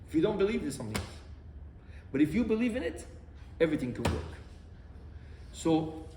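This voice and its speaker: Animated rabbi preaching. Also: male voice, sits high. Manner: animated storytelling with rhetorical questions. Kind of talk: sermon. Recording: roomy, distant mic, faint noise.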